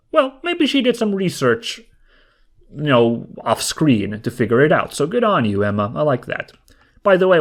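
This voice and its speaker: A man giving casual let's play commentary, reading game text aloud and adding chatty, amused asides. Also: medium pitch.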